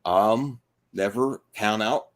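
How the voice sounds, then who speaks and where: A man's voice: lowish voice, takes it slowly. A man co-hosting a casual livestream, reading listener questions aloud and joking around. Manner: lively, jokey, reads mail aloud.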